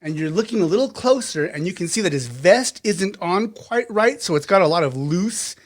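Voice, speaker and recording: High, lively game master, a man. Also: moderate pace. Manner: animated, laughs often, acts out characters. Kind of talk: narrating a tabletop game.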